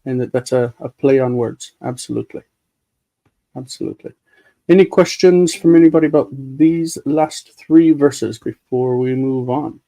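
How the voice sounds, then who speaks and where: Mellow-voiced man teaching Hebrew grammar. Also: mid-range voice, poor audio. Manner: patient, teacherly, pronounces words slowly to explain grammar. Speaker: host leading a live Hebrew reading group. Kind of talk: live-streamed study discussion.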